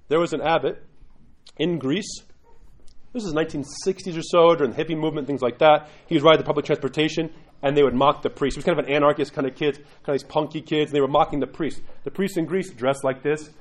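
A middle-aged man giving a lively, conversational church talk, acting out quotes in different voices. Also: a little high, low-quality recording. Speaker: church teacher. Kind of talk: sermon-style class talk.

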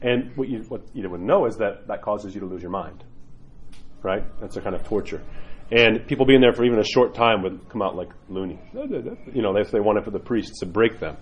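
Priest guy, lively storyteller, keeps asking "right?", chatty teaching vibe. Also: lowish voice, normal speed, breathy edge, highs cut off. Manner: animated storyteller, often asks "right?". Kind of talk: informal teaching talk.

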